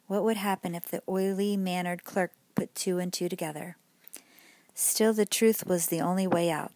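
A woman narrating a bedtime story in a soft, gentle voice that sometimes drops almost to a whisper. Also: lowish voice, no echo.

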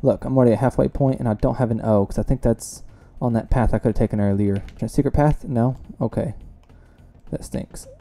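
A young man casually commenting while he plays a video game, chatty and self-mocking, with sudden loud reactions to close calls. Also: mid-range voice, a little fast, creaky, soft background music. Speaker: let's play gamer.

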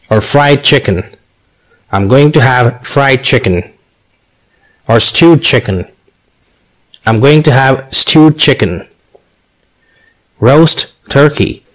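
A man reads out English lesson phrases at a very slow, measured pace, pausing between each item. His voice sits at an ordinary middle pitch. The delivery is scripted and deliberate, built for learners to repeat. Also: low-quality recording. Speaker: English teacher.

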